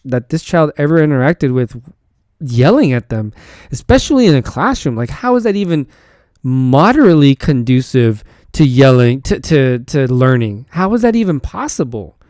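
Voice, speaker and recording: Rambling man with a smooth voice. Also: mid-range voice, big pitch swings, normal speed, darkish tone, no echo, clean studio sound. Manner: rambling storytelling with repeated false starts. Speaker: teacher and podcast host. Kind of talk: casual podcast monologue.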